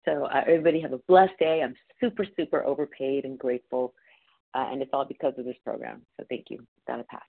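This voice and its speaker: A woman's voice: very deep voice, fairly even intonation, fast, vocal fry, dry recording. A woman sharing earnestly and gratefully in a recovery meeting over a call. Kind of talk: personal share in a recovery meeting. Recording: phone-quality call audio.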